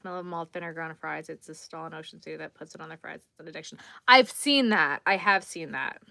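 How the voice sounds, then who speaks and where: Sitting low in pitch, this woman's voice is animated and fast, with vocal fry and a pushed, bright quality. She hosts an easygoing crochet livestream, reading chat comments and chatting with viewers while crocheting, sounding slightly tired. Clean studio sound, no echo.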